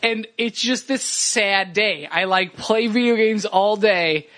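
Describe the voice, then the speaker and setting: A man with a high, bright voice chats loosely on a comedy podcast. His sentences run on with "like" fillers as he builds a joke. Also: slow pace. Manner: filler-heavy, with lots of "like". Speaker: podcast co-host. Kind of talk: casual comedic chat.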